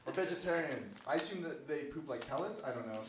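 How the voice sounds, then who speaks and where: A man's voice: on the high side, lively intonation, fast. Rambling stand-up man in an echoey room. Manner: rambling, self-deprecating, swears a lot. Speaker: stand-up comedian. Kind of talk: open-mic stand-up set. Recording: echoey room from far off, faint noise. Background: audience laughter.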